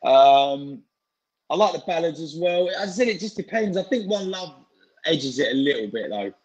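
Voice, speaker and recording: Guy in his 40s, chatty, kinda high voice, lots of "uh" and "you know", on a video call. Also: animated, normal speed, darkish tone, low-quality recording. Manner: chatty, informal, frequent fillers and restarts. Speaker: interview guest, singer and actor. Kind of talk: casual chat.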